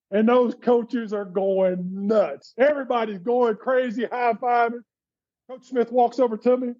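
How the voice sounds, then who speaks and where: A man in his fifties telling animated stories as a podcast guest, laughing often. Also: high-pitched, highs cut off. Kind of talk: storytelling in casual chat.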